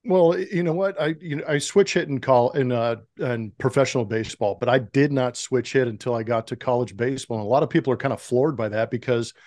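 A middle-aged former pro baseball player, appearing as a guest on a podcast interview, tells stories and acts out the voices of the people he quotes. His voice is medium in pitch, and the recording has no echo.

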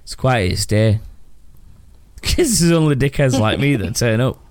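Tipsy, rowdy podcast host. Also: male voice, mid-range voice, lively intonation, a little slow, background noise. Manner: rowdy, swearing, laughing often. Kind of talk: casual podcast chat.

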